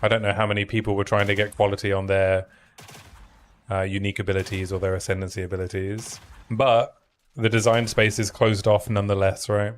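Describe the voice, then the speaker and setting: A man with a fairly low voice chats casually through a game stream, thinking aloud and reading out item numbers as he plays. The talk is loose and conversational, with easy asides to his chat. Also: flat delivery, a little fast, slight background noise. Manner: thinks aloud, chatty, reads out item stats. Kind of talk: casual gaming stream commentary.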